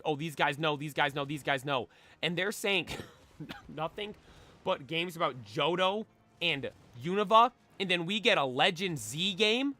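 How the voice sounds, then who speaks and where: Excitable young man, bright voice. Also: fairly high pitch. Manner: excitable, belts out anime theme songs. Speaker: streamer. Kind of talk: casual chat while shiny hunting.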